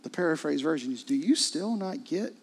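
A middle-aged man preaching a sermon, his delivery swinging from hushed, intimate lines to loud, urgent ones. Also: a little high, animated, fairly quick, breathy edge. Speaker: pastor.

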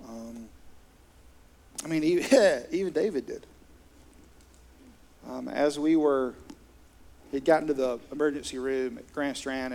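Gravelly earnest pastor man. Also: mid-range voice. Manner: earnest, conversational, with soft laughs. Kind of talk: sermon.

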